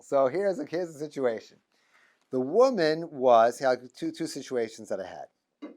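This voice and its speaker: A man's voice: fairly high pitch, darkish tone. A middle-aged man, a rabbi teaching a class, talking in a loose, joking way, full of restarts and stammers. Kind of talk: informal lecture. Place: classroom with students.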